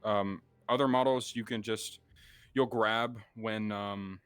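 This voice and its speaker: A man with a fairly low voice runs a roleplay session and tells players where to stand. His directions come out halting, with plenty of fillers. Soft music sits under his talk. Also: steady tone, smooth, no echo. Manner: halting, with many fillers and restarts. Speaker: game master directing players. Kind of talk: casual instructions in a roleplay session.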